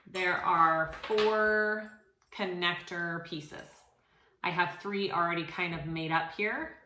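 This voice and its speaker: A woman's voice: medium pitch, bright, forceful tone. A woman hosting a sewing tutorial, talking casually and encouragingly with frequent fillers. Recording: echoey room.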